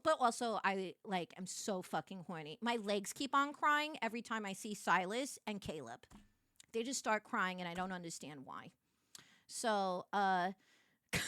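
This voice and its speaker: A woman's voice: medium pitch, a little slow, fairly bright tone, clean tone, no room sound, studio quality. A young woman streamer chatting casually with viewers, full of fillers, giggles and sudden shrieks.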